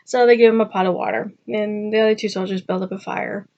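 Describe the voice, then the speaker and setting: A woman casually retelling a fairy tale in a rambling, chatty way, jumping her pitch up to act out the characters' lines. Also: fairly even intonation, fast, darkish tone, highs cut off. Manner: chatty and rambling, acting out quotes with pitch jumps. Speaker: vlogger. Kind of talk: casual storytelling.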